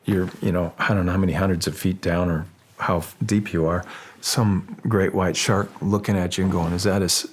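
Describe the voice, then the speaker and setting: A man speaking as a guest in an interview, halting and restarting, then animated when telling stories. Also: low-pitched, husky. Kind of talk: casual interview talk.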